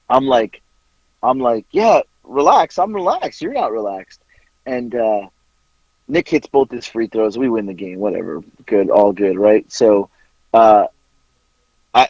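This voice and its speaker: A man in middle age tells stories in casual podcast chat, his voice husky and a little breathy. He throws himself into quoted arguments and swears freely. The sound is dry and somewhat dull, like a lo-fi mic. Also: on the low side, steady tone, unhurried, long pauses, darkish tone, no room sound. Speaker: podcast co-host.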